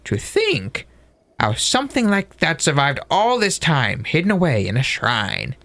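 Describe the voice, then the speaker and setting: A man reading an elderly monk's game lines aloud in a slightly lowered voice. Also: huge pitch swings, unhurried, fairly bright tone, exaggerated voice. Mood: sage. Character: elderly male monk, slow and knowing.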